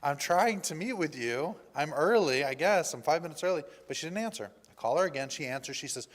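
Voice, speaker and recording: A male pastor giving a personal testimony in a church, telling his story in an animated way and acting out the dialogue. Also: a little high, fairly quick, few pauses. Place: church sanctuary. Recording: reverberant church hall.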